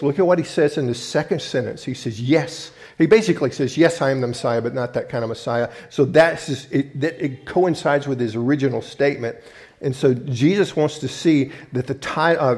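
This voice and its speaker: A man delivering a teaching sermon in an emphatic, urging way. He keeps calling on his listeners to look and listen, and restarts sentences to rephrase himself. His voice sits at an ordinary middle pitch. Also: a little mellow. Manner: restarts and rephrases mid-thought. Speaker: preacher.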